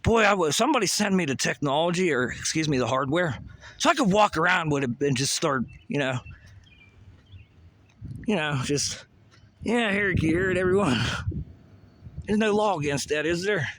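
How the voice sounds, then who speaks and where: A man's voice: fairly high pitch, expressive, moderate pace, a bit bright. A man delivering a rambling, profane, conspiratorial monologue, often asking rhetorical questions. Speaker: vlogger.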